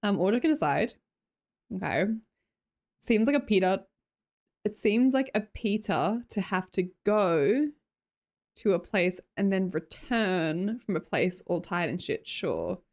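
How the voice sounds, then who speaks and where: A woman's voice: mid-range voice, lively intonation, unhurried. Australian woman, live-stream host, sing-song up-and-down delivery, chatty and giggly, desk mic at home. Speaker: livestreamer. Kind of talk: casual chat with live viewers.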